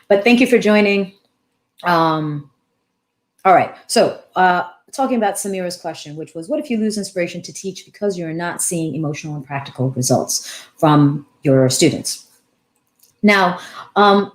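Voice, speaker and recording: A woman in her thirties hosts a live-stream chat as a dance teacher, answering viewers' questions. Her voice sits a little low. She talks in an animated, warm way, pausing and restarting as she thinks aloud. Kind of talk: casual live-stream Q&A, reading comments aloud.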